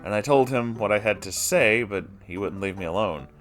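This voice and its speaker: A man's voice: on the low side, expressive, brisk, a bit bright, faint music behind. A man reading a first-person story aloud, breaking in with wry, swearing side comments. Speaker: story reader.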